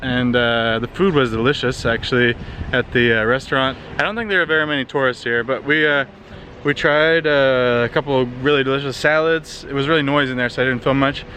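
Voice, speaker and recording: Recorded on a handheld compact camera with a touch of hiss or hum, a tired Canadian man walks city streets narrating a casual travel vlog. He speaks briskly in a mid-range voice, relaxed and rambling, with many fillers.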